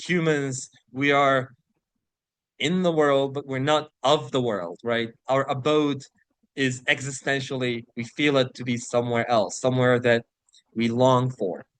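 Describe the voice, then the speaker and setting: A man teaching an English vocabulary lesson, who explains words, reads example sentences aloud slowly and keeps checking in with "right?". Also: medium pitch, steady tone, a bit bright, smooth, no echo. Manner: slows to read example sentences and passages aloud.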